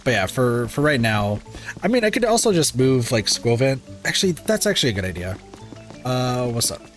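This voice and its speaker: A man talking through a relaxed game stream at an ordinary pitch for a male voice. He meanders from thought to thought, filling pauses with ums and likes and correcting himself as he goes. He sounds a little sleepy, with soft background music playing under his voice. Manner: rambling, lots of filler words and self-corrections. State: sleepy, yawning. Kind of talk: casual gameplay stream commentary.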